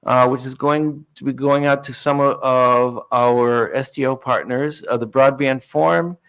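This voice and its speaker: A man's voice: medium pitch, fairly even intonation, a little slow, fairly bright tone, clean tone. Chatty man presenting at a technical meeting. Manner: polite, chatty, with many fillers and restarts. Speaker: working group presenter. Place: conference meeting room.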